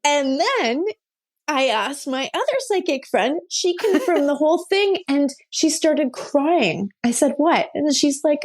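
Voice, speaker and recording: A woman guest on a podcast, telling stories in a lively, casual way. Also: sits high. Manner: animated, quick-shifting storyteller. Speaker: guest, pet communicator and medium.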